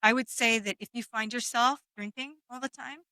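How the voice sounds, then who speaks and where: Blunt woman healer on a podcast, bright tone, dry close mic. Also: a little high, steady tone, normal speed, no room sound. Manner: frank, explaining, with casual swearing. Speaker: guest, energy healer. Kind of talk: casual chat.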